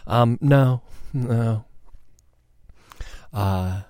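A man's voice: medium pitch, warm tone, no echo, clean studio sound. A man preaching a sermon in a conversational, reflective way, sharing a personal story and often checking in with "all right?". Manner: reflective, meditative pauses.

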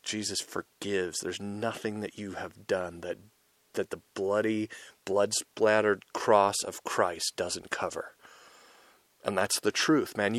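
A man preaching an informal, intense sermon as the host of his show, talking in a conversational way with many asides and rising loud on his emphasis. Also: fairly low pitch, dry recording.

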